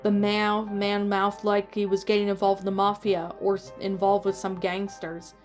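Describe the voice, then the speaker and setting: A woman reading a fan fiction story aloud in a steady storytelling voice with small slips. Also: mid-range voice, moderate pace. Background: faint music.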